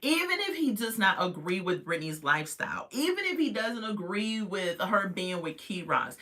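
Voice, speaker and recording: Chatty opinionated reality TV reviewer. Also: moderate pace. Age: adult parent. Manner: chatty, opinionated, talks straight to viewers; animated, jumps in pitch when reacting. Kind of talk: casual episode recap.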